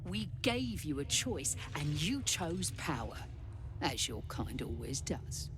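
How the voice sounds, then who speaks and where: An actress voicing a stern, grieving woman who leads a band of monster hunters in a video game, speaking gravely and with reproach. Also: low voice, sing-song, slow pace, music in the background, exaggerated voice. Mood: solemn. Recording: game audio with ambient noise.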